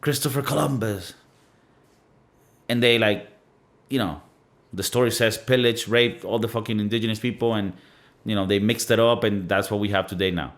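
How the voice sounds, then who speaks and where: A man's voice: lowish voice, moderate pace, long pauses, a bit bright. Blunt, cussing man from Venezuela. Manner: blunt, profane, emphatic with lots of fillers. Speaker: podcast host. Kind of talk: casual monologue.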